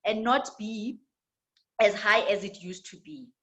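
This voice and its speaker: A woman's voice: mid-range voice, steady tone, a little slow, a bit bright, poor audio. A woman with a South African accent teaching a church women's leadership class, often repeating words and asking "right?". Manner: tag questions, repetitions. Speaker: women's ministry trainer.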